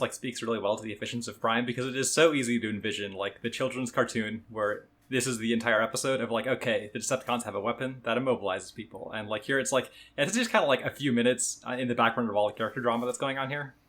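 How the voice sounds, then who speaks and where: A man co-hosting a podcast, chatting quickly and casually about a cartoon, with lots of fillers. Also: medium pitch, fairly bright tone. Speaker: podcast co-host. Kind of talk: casual chat recapping a cartoon.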